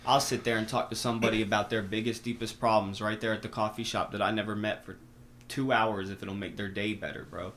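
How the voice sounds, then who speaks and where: A young man with a fairly low voice tells stories in a lively, slangy rush, swearing freely as he goes. His talk is loose and animated, like casual podcast chatter. A faint hiss of noise sits under the recording. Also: quick pace. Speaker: podcast guest. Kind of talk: casual conversation.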